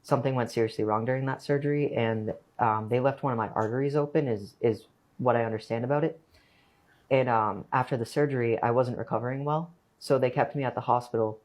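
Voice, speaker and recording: A man in a played clip, recounting a personal experience in a halting way with pauses and fillers. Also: medium pitch, fairly even intonation, a little mellow.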